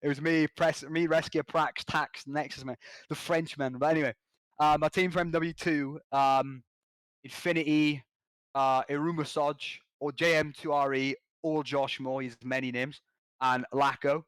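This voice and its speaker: Male podcast guest, lively slangy storyteller, higher voice. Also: smooth, no room sound. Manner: excitable, slangy, quick restarts. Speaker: podcast guest, competitive gamer. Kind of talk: animated storytelling.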